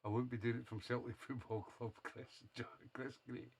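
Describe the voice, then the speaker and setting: A man's voice: medium pitch, little pitch movement, moderate pace, breathy edge. A man hosting a radio show, chatting casually between songs in a jokey, teasing way and chuckling often. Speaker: radio DJ host.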